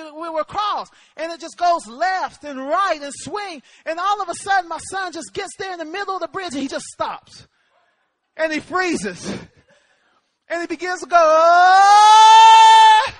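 A man's voice: very high voice, pushed and bright, no echo. A man preaching a sermon, telling a personal story with emphasis and calling out amen to the congregation.

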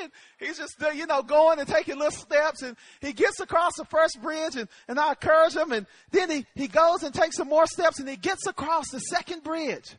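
High bright-voiced male preacher. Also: fairly quick, few pauses, dry recording. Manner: emphatic storytelling, calls of amen. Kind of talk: sermon with personal story.

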